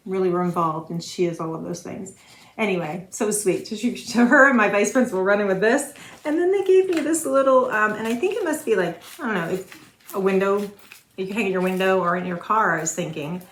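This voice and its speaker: Chatty woman vlogger with gravelly voice. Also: medium pitch. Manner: rambling, many fillers and restarts. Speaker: Flosstube vlogger. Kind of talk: casual chat to camera. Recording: roomy echo, faint noise.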